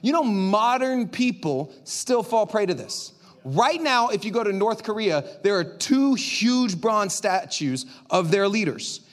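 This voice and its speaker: Lively male pastor, sermon, high voice that leaps around, dramatic volume swings. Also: unhurried, hardly any pauses.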